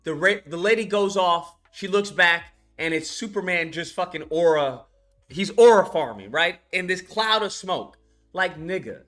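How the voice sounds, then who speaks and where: Male reviewer, bright higher voice, loose crude recap style. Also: expressive, measured pace, soft background music. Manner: rambling, crude, lots of fillers. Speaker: movie reviewer. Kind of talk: casual ranting film recap.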